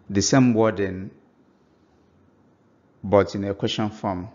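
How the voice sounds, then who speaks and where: Male language teacher, low voice, unhurried and patient, dull lo-fi sound. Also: fairly even intonation, darkish tone. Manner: slow, patient explanations, spelling out example phrases. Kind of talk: language lesson.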